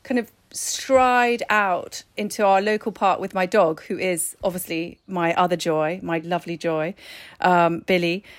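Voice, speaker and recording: A woman co-hosting a podcast in casual chat, enthusiastic and quick to laugh. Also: lowish voice, fairly even intonation, no room sound. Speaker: podcast co-host.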